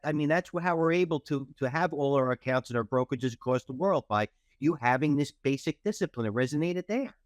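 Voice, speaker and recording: A man in an interview who talks haltingly, searching for words and restarting. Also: fairly high pitch, no room sound, studio quality. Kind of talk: interview talk.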